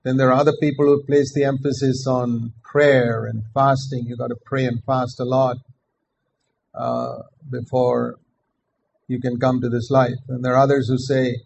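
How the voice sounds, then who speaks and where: An older man preaching a sermon in an earnest, measured way, repeating his key phrases for emphasis. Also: mid-range voice, flat delivery, gravelly, a little mellow, slight background noise, low-quality recording.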